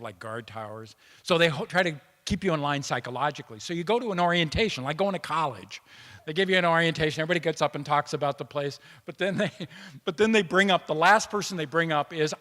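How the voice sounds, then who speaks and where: A man's voice: fairly high pitch, pushed and bright. A man speaking at a peace conference, telling personal stories in a conversational way, with restarts and quoted dialogue. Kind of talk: personal storytelling speech. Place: conference hall. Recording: long reverb of a hall.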